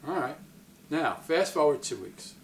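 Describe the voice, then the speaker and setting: A man's voice: fairly high pitch, sing-song, a little slow. A man telling a personal story to camera in a casual, rambling way, often stopping and restarting, with a distant mic in an echoey room. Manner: rambling, self-interrupting, retells quotes in other voices. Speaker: psychic medium vlogger.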